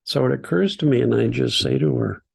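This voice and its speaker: An older man speaks with a deeply gravelly, husky voice. He tells stories to a group in a gentle, unhurried way. His pitch sits in the middle. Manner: gentle, unhurried storytelling with soft laughs. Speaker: teacher. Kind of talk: storytelling talk.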